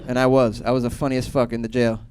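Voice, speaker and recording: A man in his thirties from Boston doing a stand-up comedy set, telling a loose, profane story with sudden loud bursts. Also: mid-range voice, level tone, fast, a little hiss or hum. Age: 30s.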